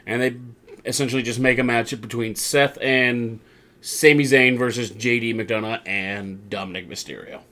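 A man casually recapping a wrestling show as podcast co-host, rambling and acting out quotes in lively voices. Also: mid-range voice, moderate pace.

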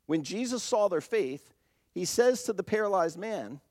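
A man preaching a sermon, animated and conversational, acting out the lines he quotes. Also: moderate pace. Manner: animated, acts out quoted voices with rising pitch. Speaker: pastor.

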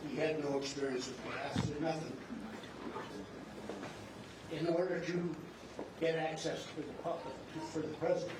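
A man's voice: on the high side, fairly even intonation, normal speed, pauses often. A man from the audience bluntly challenging a politician. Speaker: voter in audience. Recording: distant roomy audio with loud noise.

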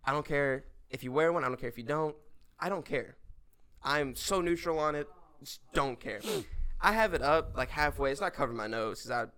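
Young man telling a story, fairly high voice. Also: brisk, clean tone. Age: young adult. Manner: animated, swearing, laughs through his story. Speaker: podcast guest. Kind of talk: casual storytelling.

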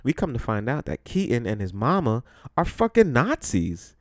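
A man's voice: medium pitch, wildly swooping pitch, moderate pace, dry recording, clean studio sound. A young man from the Bronx, hosting a solo podcast in a blunt, profane, joking manner. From the Bronx, New York. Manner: blunt, profane, laughing storyteller. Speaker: podcast host. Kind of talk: casual solo podcast monologue.

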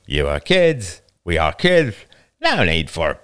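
A man's voice: mid-range voice, wildly swooping pitch, unhurried, fairly bright tone, smooth, dry recording, studio quality, pitched above the performer's own voice, full character voice. A man voicing a menacing younger teenage boy with a slight lisp who sounds easy-going but threatening.

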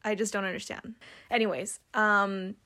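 A woman's voice: medium pitch, moderate pace. A young American woman co-hosting a casual podcast, telling a story with lots of laughter and acted-out quotes. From United States. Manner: animated storyteller, laughs often, acts out quoted lines. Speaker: podcast co-host. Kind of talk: casual chat.

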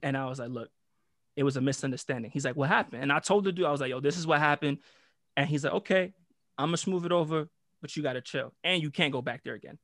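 A young man tells a wild story in casual podcast talk, his voice a bit high and animated as he jumps into other people's lines. The sound is close and dry with no room around it. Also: fast talker, no echo. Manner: animated, slangy, acts out quotes with shifting pitch. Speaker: storyteller guest.

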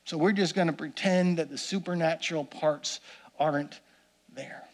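A man delivers a sermon in a fairly high voice. He is earnest and builds his points through repetition. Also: moderate pace. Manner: earnest, repeats phrases for emphasis. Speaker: pastor.

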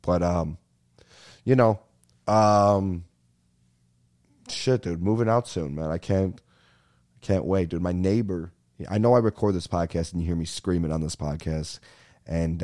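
This young male podcast host has a deep, warm voice. He rants casually and animatedly for laughs, cursing freely and addressing everyone as "dude."

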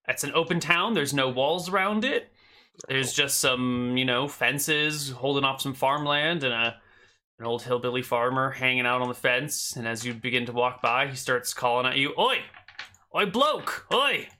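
A man's voice: mid-range voice, normal speed. A man running a tabletop role-playing game as game master, narrating casually with frequent hesitations. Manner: relaxed, hesitant with fillers.

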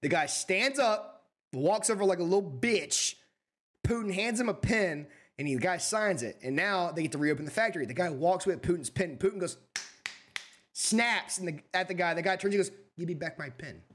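Young male podcast co-host, husky and lively, crude and rambling. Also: high-pitched, normal speed. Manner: crude, animated storytelling with heavy swearing. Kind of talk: casual chat.

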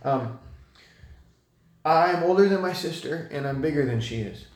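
A man's voice: fairly high pitch, lively intonation. Hesitant young man in an echoey room. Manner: thoughtful, halting, many fillers and restarts. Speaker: guest. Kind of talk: casual conversation.

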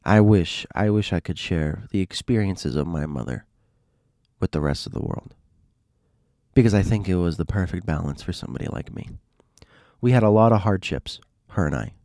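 Male storyteller, low voice, rambling and animated, dry close recording. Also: moderate pace, long pauses, no room sound. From Miami. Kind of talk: casual storytelling monologue.

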